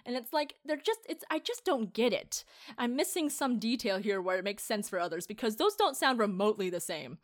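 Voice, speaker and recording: A woman co-hosting a podcast in casual chat, animated, swearing freely and laughing often. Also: on the high side, fairly quick. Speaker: podcast co-host.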